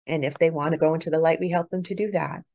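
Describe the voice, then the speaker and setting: A middle-aged woman, a podcast guest, telling an earnest personal story that swings between hushed and excited. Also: low voice, quick pace, no echo, lo-fi sound. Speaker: guest, author and paranormal investigator.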